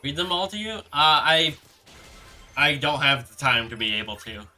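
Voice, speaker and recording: Bright-voiced young man chatting on stream. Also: on the high side, lively intonation. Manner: rambling, halting, reads chat aloud and answers. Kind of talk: casual live-stream chat. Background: background music.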